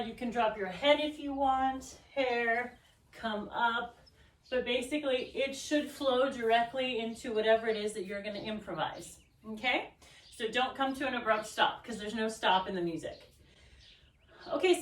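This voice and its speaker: A woman's voice: high-pitched, a bit bright. A woman teaching a dance routine in casual instructional talk, counting beats and singing drum rhythms aloud. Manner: casual, encouraging, checks in with "right?". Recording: echoey room, mic at a distance.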